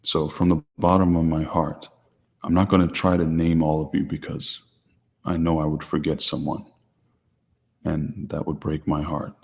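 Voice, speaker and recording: A man hosting his channel, answering viewer questions in a calm, deliberately quiet, restrained way. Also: rumbling low, in a large hall. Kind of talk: low-key livestream chat.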